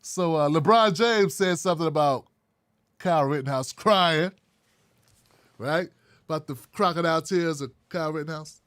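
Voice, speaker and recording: Male political commentator, fairly high voice, blunt and animated, dry close sound. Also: normal speed, pauses often, clear, resonant tone, dry recording. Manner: blunt, animated, wry asides. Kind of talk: casual solo commentary.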